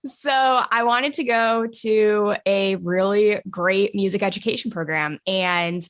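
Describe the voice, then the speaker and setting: A chatty woman guest from New York State speaks at an ordinary pitch for her sex, in relaxed interview talk. She laughs often and fills her sentences with "like". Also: slow. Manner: giggly, chatty, heavy use of "like". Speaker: podcast guest, singer-songwriter. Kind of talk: casual conversational interview.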